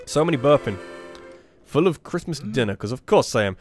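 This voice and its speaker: Brief: male gameplay commentator, very expressive pitch swings, sweary and joking at himself, medium pitch. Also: a little fast, dry recording, soft background music. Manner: animated, sweary, self-mocking. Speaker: let's play host.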